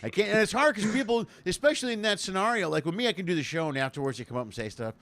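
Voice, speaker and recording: A man hosting a casual comedy interview over a video call, joking and excitable, jumping from loud bursts to low mutters. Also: very fast. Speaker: comedian host of a video chat show.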